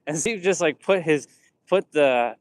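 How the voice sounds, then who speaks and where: A man's voice: a little high, expressive, a little slow, rough recording. A man telling stories in a loose, casual way, rambling, restarting sentences and acting out what people said. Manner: rambling, many restarts, acts out quotes. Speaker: vlogger. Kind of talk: casual storytelling.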